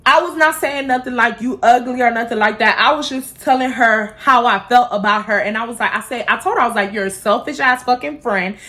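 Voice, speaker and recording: A young woman from Houston tells a storytime straight to her phone camera, her voice bright and a little high. She talks fast and heated, full of cursing and worked-up asides. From Houston, Texas. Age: 20s. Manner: profane, heated, rapid storytelling. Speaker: vlogger. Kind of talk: storytime vlog rant.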